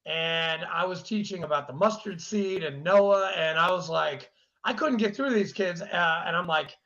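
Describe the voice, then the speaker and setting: A man with a high, gravelly voice talks bluntly as a podcast guest and swears freely. His voice has plenty of fry. The sound is dull and lo-fi. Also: normal speed, pushed and bright. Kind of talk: casual chat.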